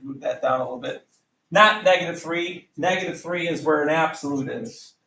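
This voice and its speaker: A middle-aged man teaching a high school math class, casual and self-correcting, often asking the class questions. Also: moderate pace, pushed and bright, a little hiss or hum. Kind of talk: classroom lecture.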